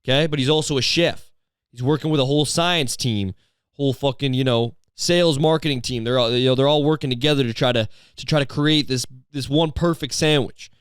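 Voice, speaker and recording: A man's voice: medium pitch, fairly quick, clean tone, no room sound. A young man rambles through a comic monologue on his own podcast, swearing freely and tripping over fillers and restarts. His voice sits in an ordinary middle range. The sound is dry and close, with no room around it. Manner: profane, rambling, many fillers. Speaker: podcast host.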